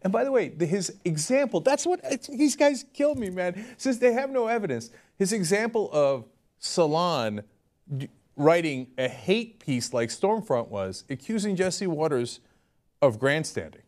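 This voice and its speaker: A man's voice: high-pitched, sing-song, a little slow, darkish tone. A man hosting casual political commentary, sarcastic and often laughing as he mocks what he quotes. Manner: sarcastic, laughing, mocking impressions.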